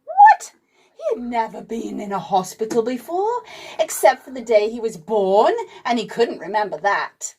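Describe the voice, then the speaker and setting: A woman's voice: a little high, animated, normal speed, darkish tone, husky. A woman reading a children's storybook aloud at home, playful and giving the characters voices.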